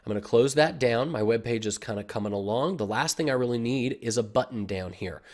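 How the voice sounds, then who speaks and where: A man giving a casual screen-recorded software tutorial, explaining step by step with frequent fillers and "okay?" check-ins, recorded on a desktop computer mic. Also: mid-range voice, brisk. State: has the hiccups. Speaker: online marketing tutor.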